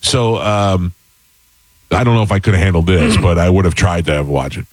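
Guy with a really low voice rambling thru a story, lots of uh and restarts, dry sound. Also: normal speed, dry recording, rough recording. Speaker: podcast host. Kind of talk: casual chat.

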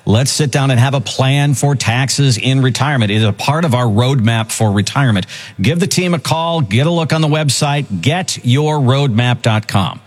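A man's voice: medium pitch, normal speed. A man hosting a financial radio show in an upbeat, salesy delivery. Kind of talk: radio show talk with promotion.

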